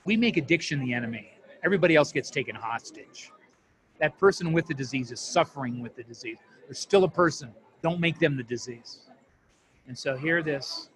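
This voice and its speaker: A man speaks in a slightly high voice, earnest and heartfelt, as he tells a story from his work with families dealing with addiction. His talk is interview storytelling. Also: normal speed, fairly bright tone. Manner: earnest, heartfelt, moved to emotion. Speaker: family addiction program counselor.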